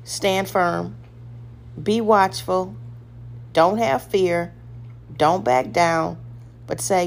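This devotional podcast host gives a short, firm sermon urging listeners on with repeated short commands, putting on a feeble, hesitant voice for examples. She speaks very slowly with long pauses, her lowish voice creaky, over slight background noise.

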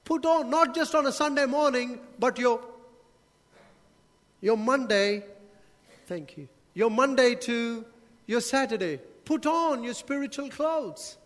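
Inside a church hall with a long, echoing reverb, a man preaches a sermon full of questions and jokes for the congregation. He speaks slowly, his extremely high voice lively in intonation and a bit bright.

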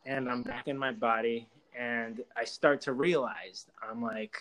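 A man's voice: medium pitch, steady tone, a little slow, fairly bright tone, low-quality recording. A man telling a long story in casual chat, rambling, with heavy swearing and many "like" fillers.

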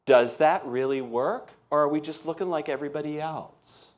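A man's voice: a little high, moderate pace. A man preaching a sermon as pastor, telling everyday stories in a conversational way and often checking in with the congregation. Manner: conversational storytelling, asks the congregation questions. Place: church.

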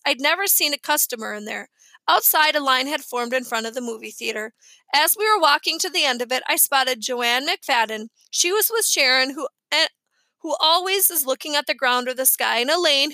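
A woman narrating a children's novel in a lively, expressive way. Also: high voice, fairly quick, dry recording. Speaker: reader. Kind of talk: audiobook narration.

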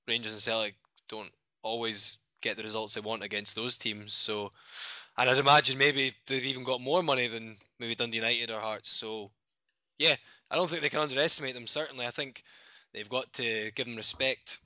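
A man's voice: mid-range voice, sharp tone, clean tone, no echo. Guy rambling about football on a podcast, dry close mic, kinda dull lo-fi sound. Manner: rambling, hedging with maybes. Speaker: podcast co-host. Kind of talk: casual football chat.

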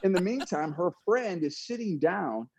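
Animated man telling a story. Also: high-pitched, moderate pace, slightly rough, no room sound. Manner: animated, laughing retelling with acted-out quotes. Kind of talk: casual storytelling.

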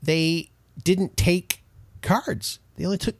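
A man co-hosting a casual podcast, telling stories in an animated, exasperated way. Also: high voice, slow pace, dry recording. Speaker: co-host.

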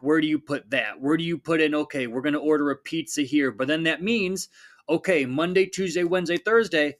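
A man in his thirties hosting a solo fitness podcast, talking in a casual, energetic coaching tone and acting out little quoted voices. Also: fairly high pitch.

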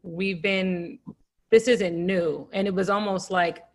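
A woman's voice: medium pitch, steady tone, slow pace. A woman speaking as a guest in a candid conversation, reflective and searching for her words.

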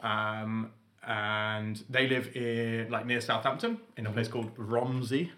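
A young man co-hosting a podcast, telling animated stories in casual chat and acting out the quotes. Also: mid-range voice, slow pace. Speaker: podcast co-host.

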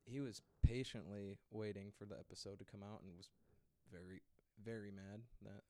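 A man's voice: fairly low pitch, steady tone, normal speed, mellow, no room sound. A young man co-hosting a podcast, chatting casually in a teasing, crude, playful manner. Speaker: podcast co-host. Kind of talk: casual chat.

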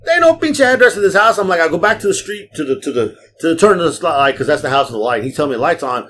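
A man's voice: a little high, big pitch swings, very fast, fairly bright tone, slight background noise. Profane, rambling man telling stories. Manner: acts out quoted people. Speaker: podcast host and rideshare driver. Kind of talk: casual storytelling chat.

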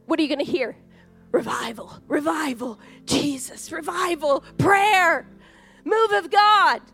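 A woman pastor in her forties preaches in a church with a very high voice. Her tone is bright and forceful, and she keeps it chatty and full of jokes. Soft music plays faintly behind her. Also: measured pace, vocal fry. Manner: lively, chatty and joking. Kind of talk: sermon.

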